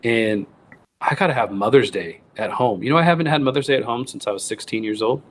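Speaking a little fast in a mid-range voice over slight background noise, a thirtysomething guest who cooks wild game and writes recipes recounts his story. He does the voices of the people involved and restarts a lot in this casual interview.

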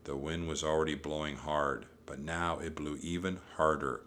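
A man narrating a children's audiobook in a steady, measured storytelling voice. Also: rumbling low.

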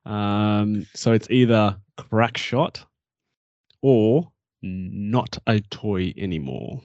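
A man's voice: lowish voice, extremely slow, a little mellow, no room sound, lo-fi sound. A man chatting casually about games, laughing often. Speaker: podcast co-host. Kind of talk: casual gaming chat.

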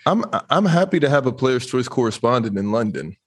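A man's voice: mid-range voice, big pitch swings, a little fast, breathy edge. A man hosting a casual stream chat, chatty and teasing, asking a guest questions. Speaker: host.

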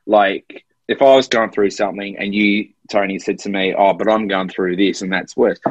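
This Australian podcast co-host, speaking from lockdown in Melbourne, tells an earnest, emotional personal story during a casual chat. He talks at normal speed with few pauses in a steady, lowish voice with a breathy edge. The audio is dry and lo-fi.

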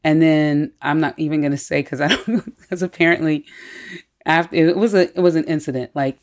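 A woman telling personal stories in a candid, animated way during a casual conversation. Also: sits low, brisk.

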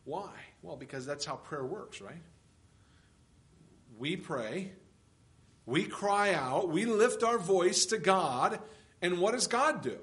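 A man's voice: high-pitched, fairly bright tone. A man preaching an expository sermon as pastor, emphatic and full of rhetorical questions.

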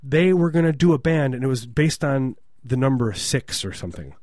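A man's voice: medium pitch, moderate pace, dry recording, clean studio sound. A man co-hosting a podcast, rambling through jokes and tall stories in casual banter. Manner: rambling, jokey, deadpan exaggeration. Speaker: podcast co-host.

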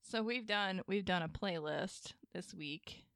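A woman's voice: medium pitch, takes it slowly, vocal fry, fairly bright tone, no echo. Young woman, podcast host, giggly, rambling, dry close sound. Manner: giggly, rambling, many fillers. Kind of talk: casual chat.

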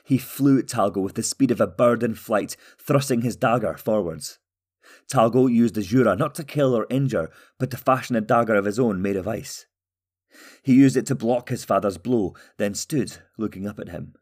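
Low-voiced man narrating a fantasy tale. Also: moderate pace, husky. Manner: steady, even storytelling. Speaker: audiobook narrator.

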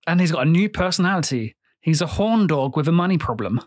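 A man's voice: fairly high pitch, expressive, fast talker, no room sound, clean studio sound. A man with a British accent, co-hosting a podcast in casual chat, retelling film scenes and swearing freely. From Britain. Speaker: podcast co-host.

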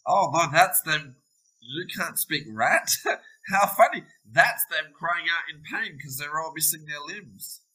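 Playful woman player with a lively voice. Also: low voice, unhurried, husky. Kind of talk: casual game chat.

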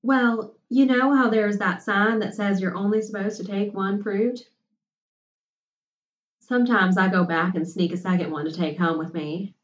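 A shy, sheltered college girl, timid and unsure of herself, as a woman reads her lines. Her voice is pitched a little above the reader's own and comes across distant and muffled. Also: a little slow, roomy sound, close to an everyday voice. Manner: timid and hesitant.

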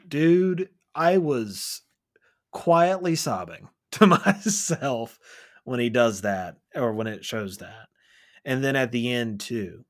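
A man co-hosting a movie podcast, earnestly and emotionally retelling scenes in casual review chat. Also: mid-range voice. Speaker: podcast co-host.

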